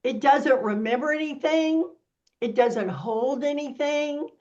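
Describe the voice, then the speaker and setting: Slow, sassy woman explaining things. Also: high-pitched, highs cut off. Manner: animated, sassy, explaining step by step. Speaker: workshop presenter. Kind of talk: casual teaching talk.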